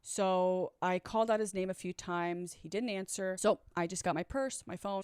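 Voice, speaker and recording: A woman telling her own story straight to the camera, candid and conversational, blunt enough to swear. Her voice is smooth and clear, and the sound is dry and close with no room echo. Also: medium pitch. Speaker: vlogger. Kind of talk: personal storytelling.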